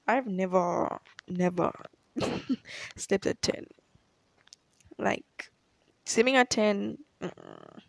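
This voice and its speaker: A young woman talks straight to the camera in a loose, chatty way, full of "like"s, small laughs and quoted back-and-forths. Her voice sits in a middle pitch. The sound is close and dry, with no room around it. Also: vocal fry, darkish tone, no room sound. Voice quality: chatty, laughs often, fills with "like". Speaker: tennis player answering questions. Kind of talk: casual storytelling to camera.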